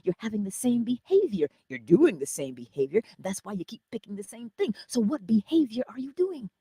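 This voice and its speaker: A woman hosting a morning inspiration livestream, teaching viewers in an animated way, often dropping into whispered asides and talking straight to her audience. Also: a little high, a little fast, slightly rough, no echo. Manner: speaks straight to the viewers, answers chat comments. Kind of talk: live-streamed inspirational teaching.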